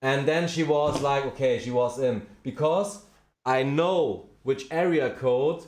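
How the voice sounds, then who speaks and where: Halting man in an echoey room. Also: medium pitch, darkish tone, slight background noise. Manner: halting, searching for words. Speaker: magician, app feature developer. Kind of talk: casual chat. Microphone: video call.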